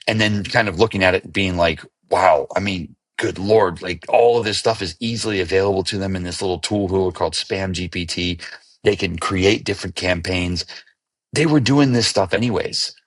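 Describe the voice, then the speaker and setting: A man's voice: low voice, fairly bright tone, dry recording, distant mic. A man co-hosting a cybersecurity podcast, chatting casually in a wry, joking way and thinking aloud with restarts. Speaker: podcast co-host.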